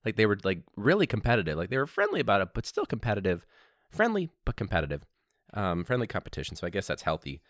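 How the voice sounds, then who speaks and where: Podcast host, male, lively swooping delivery, casual rambling storyteller, sudden incredulous outbursts. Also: fairly low pitch, fast, no echo, clean studio sound. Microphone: podcast microphone.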